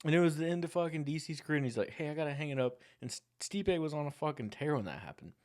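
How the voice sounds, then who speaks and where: A man's voice: on the high side, expressive, fast talker, a little mellow. Profane, heated young man ranting about fighters. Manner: heated, profane, rambling, gets worked up. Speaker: podcast host. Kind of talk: casual sports rant.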